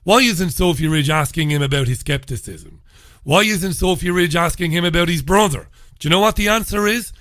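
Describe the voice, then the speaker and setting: An Irish man in middle age holds forth on his talk radio show, firing off mocking questions in a sarcastic, ranting flow. His voice sits a touch high and rings bright and forceful. The studio sound is close and dry, with no room around it. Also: brisk, no room sound. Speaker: radio host. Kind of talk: solo talk radio commentary.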